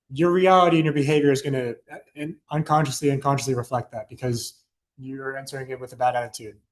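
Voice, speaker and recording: A young man gives a loose, chatty presentation to a student club, full of fillers and asides. His voice is mid-range with fairly even intonation and a quick pace, recorded in an echoey room.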